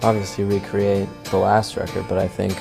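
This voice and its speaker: A man, a musician, giving laid-back, halting interview answers that trail off. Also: deep voice, little pitch movement, gravelly, over music.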